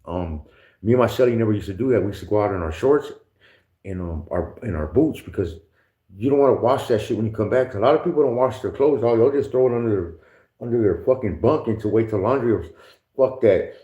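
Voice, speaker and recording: A man's voice: on the low side, a little fast, dark tone. A man casually telling stories with heavy slang and profanity, often laughing and mimicking others. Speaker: podcast guest telling prison stories. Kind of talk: casual storytelling. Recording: echoey room, dull lo-fi sound.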